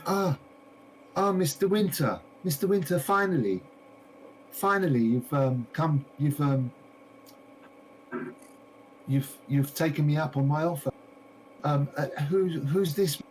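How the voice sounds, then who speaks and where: A man voicing a fussy middle-aged village shopkeeper woman, chattering and repeating himself in a raised falsetto. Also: a little slow, long pauses, slight background noise, lightly acted, low-quality recording. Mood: gushing.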